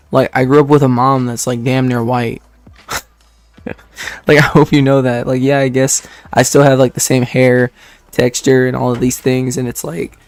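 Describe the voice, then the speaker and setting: A man's voice: mid-range voice, dry recording. A man in his twenties from Detroit, chatting casually with stream viewers in a rambling way, laughing often and filling with "like". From Detroit, United States. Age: 20s.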